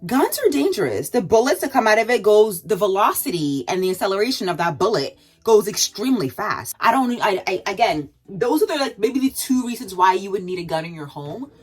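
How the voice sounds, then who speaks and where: A woman venting in a vlog while doing her makeup, firing off rhetorical questions with sharp jumps in pitch. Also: sing-song, fairly quick, hardly any pauses, slightly rough. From Canada. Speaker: vlogger.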